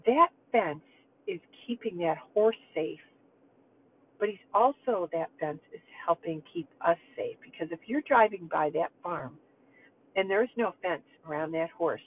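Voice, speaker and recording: A woman's voice: on the low side, lively intonation, a little slow. Older woman host, earnest storyteller addressing moms, tinny phone-like audio with a little hiss. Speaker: host speaking to mothers. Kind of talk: heartfelt talk with a personal story. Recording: tinny phone-like sound with faint noise.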